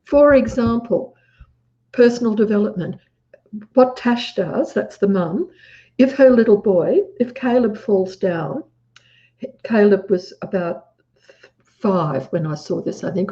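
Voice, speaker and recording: A woman's voice: medium pitch, lively intonation, slow pace, mellow. A woman with an Australian accent talking earnestly in casual conversation, acting out quotes as she tells a story. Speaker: guest. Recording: dull lo-fi audio.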